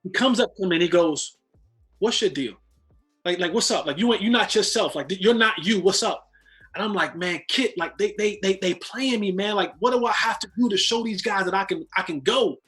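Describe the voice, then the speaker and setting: A man's voice: high voice, brisk, fairly bright tone, soft background music. A man, a former football player, telling a long story as a guest in casual chat, restarting and repeating words as he goes.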